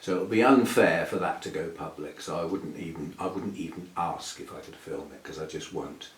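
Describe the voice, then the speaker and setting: A man hosting a casual, rambling chat about his hobby, with fillers and soft laughs. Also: extremely low pitch, fairly quick, far from the mic. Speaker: orchid channel host. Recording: echoey room, voice a bit off-mic.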